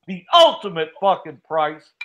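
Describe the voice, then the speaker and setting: Lively, scolding, profane host. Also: male voice, high-pitched, a little slow, a loud crowd. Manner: profane, scolding, threatens to mute callers. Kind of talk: heated argument.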